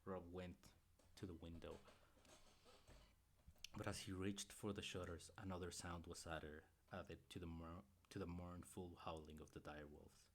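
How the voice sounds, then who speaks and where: A man with a deep, low voice reads a novel aloud for his stream. He often trips over words and goes back to correct himself mid-sentence. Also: flat delivery, measured pace, a little hiss or hum. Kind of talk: reading a book aloud.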